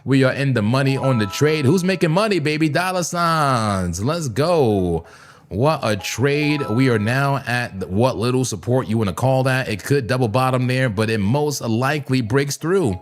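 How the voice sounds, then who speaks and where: A man hosting a live crypto trading stream, talking casually and excitably, with a voice hoarse and cracking from long streams. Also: mid-range voice, moderate pace, soft background music. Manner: excitable, laughs often, sudden shouts. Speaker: crypto trading livestream host.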